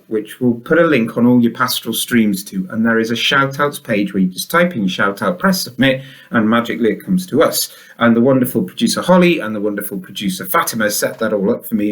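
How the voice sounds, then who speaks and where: A man hosting a school announcements show, upbeat and chatty, full of enthusiasm. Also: lowish voice.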